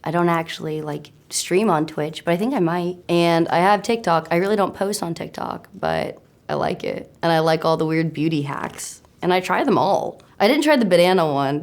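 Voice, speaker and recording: A woman's voice: fairly low pitch, expressive, normal speed, darkish tone. Chatty, giggly young American woman. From United States. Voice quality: slightly raspy. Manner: chatty, giggly, self-mocking. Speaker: actor answering web search questions. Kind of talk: casual interview.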